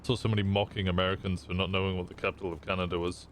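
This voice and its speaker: A man's voice: sits low, level tone, rapid-fire, a little hiss or hum. A young man from England with a Midlands accent, chatting casually and swearing with his stream viewers. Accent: Midlands English. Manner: chatty, swearing, stumbling over words.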